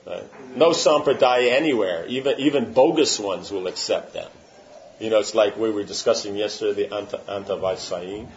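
A spiritual teacher with a voice on the low side speaks at normal speed through an informal religious talk. Emphatic in his answers to questions, he keeps checking that listeners follow by asking "you know what I'm saying?" A little hiss or hum sits under the muffled, lo-fi recording.

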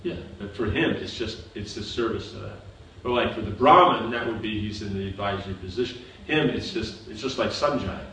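Fairly low-pitched and fairly bright, the man's voice runs fairly quickly with few pauses as he teaches scripture. He is a patient spiritual teacher who often checks for understanding, recorded from afar in an echoing room with background noise.

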